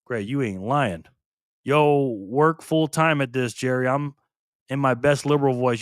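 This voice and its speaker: A man's voice: mid-range voice, a little slow, clean tone, no room sound, studio quality. Chatty older man hosting a live stream. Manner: chatty, excitable, laughs often. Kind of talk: casual live stream chat reading comments aloud.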